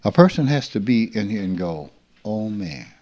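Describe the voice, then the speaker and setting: A man in his seventies from rural Mississippi, giving an earnest, reflective spiritual talk as a teacher who sometimes drops to a near-hush. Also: lowish voice, big pitch swings, fairly quick, muffled recording. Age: 70s.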